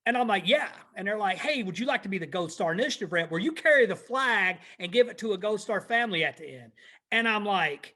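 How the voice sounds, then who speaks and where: A man's voice: extremely high pitch, expressive, fairly quick, pushed and bright. A man who is a veteran and podcast host, telling his story in a plainspoken, easygoing way with frequent ums. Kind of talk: casual storytelling chat.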